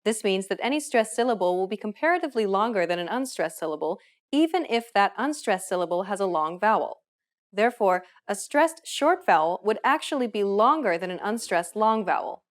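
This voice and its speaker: A woman reading a scripted pronunciation lesson in a clear, explanatory manner. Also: medium pitch, animated, a little fast. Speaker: language teacher. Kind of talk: scripted instructional narration.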